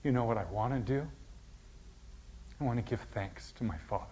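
Male pastor, sermon delivery, dramatic loud-to-whisper swings, muffled lo-fi sound. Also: mid-range voice, moderate pace, slight background noise. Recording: dull, lo-fi sound.

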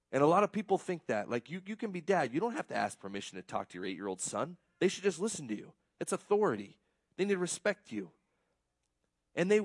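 A man's voice: on the high side, no room sound, studio quality. A man giving a conversational sermon, earnest and self-deprecating, often repeating words as he gets worked up. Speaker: pastor.

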